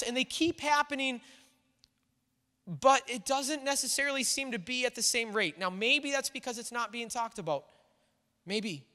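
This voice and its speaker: A man's voice: high-pitched, pushed and bright. A man pastor preaching a sermon in a church, talking in a conversational way and thinking aloud with the congregation. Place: church sanctuary. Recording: long reverb of a church hall.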